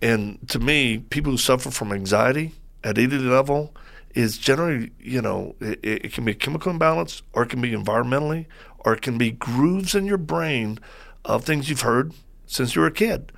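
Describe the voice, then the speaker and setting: A man as a guest on a faith talk show, telling stories in a lively way and acting out what people said. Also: medium pitch, normal speed, vocal fry. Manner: lively storyteller who acts out quoted voices.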